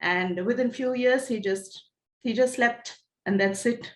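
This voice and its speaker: A woman's voice: on the high side, a little slow. A woman in a class earnestly sharing a personal story, her voice moved with emotion. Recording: echoey room.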